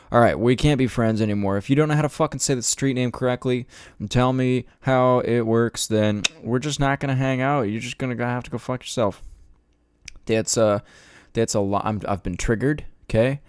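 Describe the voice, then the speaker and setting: A man's voice: mid-range voice, moderate pace, clear, resonant tone, no echo, clean studio sound. A man hosting his podcast, ranting in a casual, profane, sarcastic and rambling way. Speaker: podcast host.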